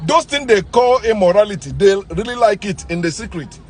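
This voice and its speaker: A Nigerian-accented man with a notably high-pitched voice rants straight to his audience, his delivery jumping from shouted outbursts down to low, muttered asides. Soft music plays faintly underneath. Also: lively intonation, brisk, husky. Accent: Nigerian English. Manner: emphatic, swings between loud outbursts and low muttering. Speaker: channel host. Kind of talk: ranting monologue.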